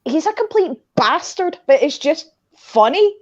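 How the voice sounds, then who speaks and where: A woman chatting on a livestream call, rambling with plenty of fillers. Her voice sits a bit high. The sound is dull and lo-fi. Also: big pitch swings, a little slow. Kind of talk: casual chat.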